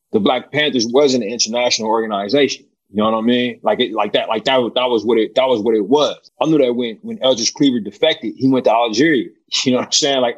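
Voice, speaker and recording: A man from Oakland answers as an interview guest, halting and circling back over his words while he tries to get a point across. His voice has a middle pitch, and the audio is a little dull and muffled. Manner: halting, repeats words, keeps saying "you know what I mean". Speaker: film director, guest.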